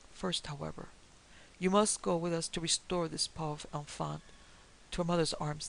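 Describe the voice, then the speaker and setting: Woman voicing a nonchalant French detective, French accent, mocking, gravelly, faint hiss. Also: sits low, rough recording. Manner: mocking, airy, sprinkled with French phrases.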